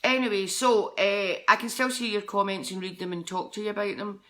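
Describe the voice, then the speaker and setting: Chatty Scottish woman, bright voice. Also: medium pitch, steady tone, brisk. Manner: chatty, rambling, jumps between topics. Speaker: psychic medium. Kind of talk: live-streamed chat with viewers.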